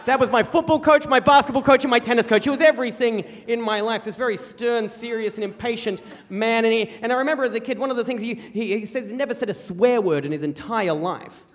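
An Australian man from rural South Australia telling a comic personal story live on stage, animated and quick with repeated phrases. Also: very high voice. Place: theater stage before a live audience. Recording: long hall reverb from a live venue.

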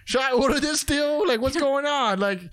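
A man with a high, bright voice trades casual banter as a podcast co-host. He tells his side of a story with lots of energy, acting out the other people in it and laughing often. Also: normal speed. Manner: animated storytelling, acts out quotes, laughs often.

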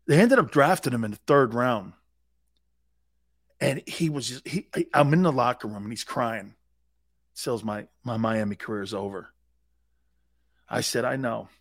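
A man hosting a sports talk radio show, telling stories with emphatic repetition and growing excitement. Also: medium pitch, creaky, no echo, studio quality.

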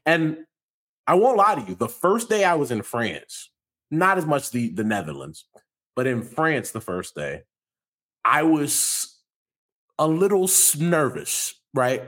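A young adult man co-hosting a casual podcast, animated, laughing often and acting out the people he quotes. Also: on the high side, unhurried. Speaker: podcast co-host. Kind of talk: casual chat.

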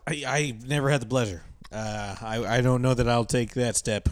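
A man co-hosting a podcast, chatting casually with a deadpan, teasing delivery. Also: mid-range voice, moderate pace, clean tone, dry recording, clean studio sound. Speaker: podcast co-host. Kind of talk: casual crude chat.

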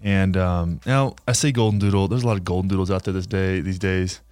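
Low-voiced man telling rambling, profane stories. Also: fairly even intonation, fairly quick, darkish tone, no room sound, faint music behind. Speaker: podcast co-host. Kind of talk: casual chat.

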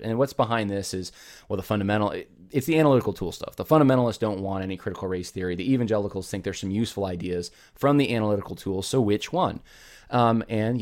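Male podcast host, lower register, emphatic and argumentative, talks in digressions with many self-corrections. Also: a little mellow. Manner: rhetorical and emphatic, full of "how about" retorts; thinks aloud with many restarts and digressions. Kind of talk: opinionated commentary.

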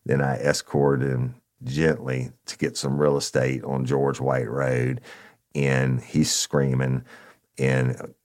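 A man's voice: very deep voice, monotone, takes it slowly, darkish tone. A man, a former narcotics officer, telling a blunt, profane story in casual talk and speaking to listeners as y'all.

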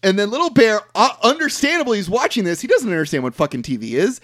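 A man's voice: high voice, big pitch swings, quick pace, a bit bright, no room sound. Dry-voiced man recapping a movie. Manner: rambling storyteller, swears casually, many fillers. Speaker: podcast host.

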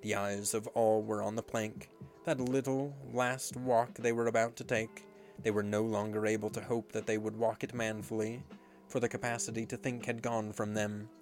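A man reading a storybook aloud in a measured, expressive way. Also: lowish voice, faint music behind. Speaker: narrator.

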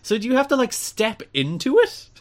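A man co-hosting a podcast, recapping and joking in loose, unfiltered chat. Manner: talks fast and unfiltered, drops into low, flat asides. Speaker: podcast co-host. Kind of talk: casual wrestling recap chat.

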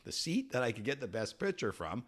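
A man's voice: medium pitch, very animated, fairly quick, a bit bright. A man co-hosting a casual podcast chat, telling stories and jokes in a loose, profane way and laughing at his own punchlines. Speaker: podcast co-host.

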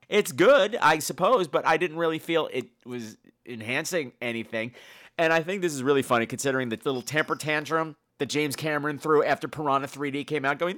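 Campy, high, sing-song man. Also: a bit bright. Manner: campy, sarcastic, snarky. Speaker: podcast host and horror film reviewer. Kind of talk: casual spoken review.

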